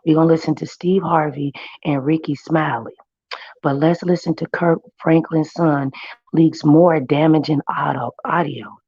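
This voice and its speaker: A woman hosts a casual stream with a hoarse, husky voice that has nearly given out. She talks slowly and greets her viewers by name between thoughts. The sound is dry and a little muffled. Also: deep voice, steady tone, a little mellow, no room sound. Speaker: livestream commentary host. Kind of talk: casual chat.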